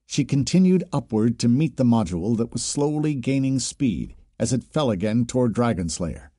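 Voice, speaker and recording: Man with a dark, mellow reading voice. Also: medium pitch, no room sound, studio quality. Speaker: narrator. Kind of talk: audiobook narration.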